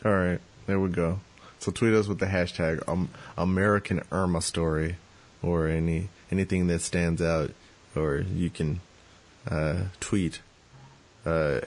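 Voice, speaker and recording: A man with a very deep voice hosts a podcast in loose, casual chat. He talks slowly, wanders through jokes and restarts his sentences often, and fills the gaps with plenty of fillers. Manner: rambling, joking, many fillers and restarts. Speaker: podcast host.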